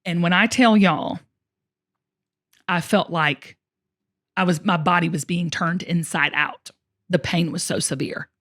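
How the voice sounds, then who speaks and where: A woman host telling a personal story in casual conversation, emotional and expressive, often speaking straight to her listeners. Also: on the low side, unhurried, pauses often. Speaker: show host.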